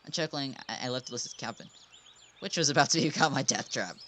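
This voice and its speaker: A man's voice: mid-range voice, quick pace, sharp tone, slight background noise. A man reading a visual novel aloud in first person, casually, with chuckles and restarts. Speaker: game narrator. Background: background music.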